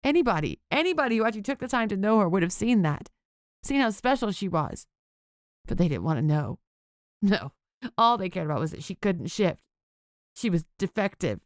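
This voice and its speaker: A woman's voice: medium pitch, big pitch swings, fairly quick, no room sound, studio quality, lightly acted. A woman voicing a grieving schoolteacher in an audiobook, shaky, tearful and bitter. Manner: bitter, raised, emotional pleading. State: crying, voice shaking.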